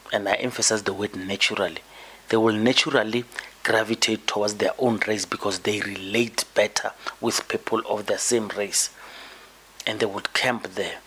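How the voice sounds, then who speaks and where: Speaking in a fairly low, husky, slightly bright voice, a South African podcast host launches into an emphatic political monologue. He builds his argument by repeating words often.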